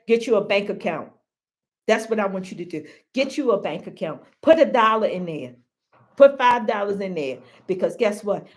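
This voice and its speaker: Woman, live-stream host, heartfelt and emphatic, loose casual talk to her viewers, says things twice. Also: medium pitch. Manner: emphatic, repeats phrases, calls viewers baby and y'all; heartfelt, grateful.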